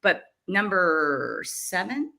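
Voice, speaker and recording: A woman's voice: lowish voice, big pitch swings, extremely slow, creaky, sharp tone. A middle-aged woman hosting an interview, chatting casually and enthusiastically, laughing often. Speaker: podcast host.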